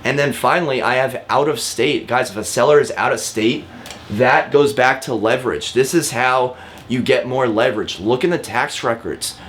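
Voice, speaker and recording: A man's voice: mid-range voice, normal speed, a bit bright, a little hiss or hum. Chatty man teaching real estate tips. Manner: chatty and direct, often calls viewers guys; frequent fillers and repeated words. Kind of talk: casual teaching to camera.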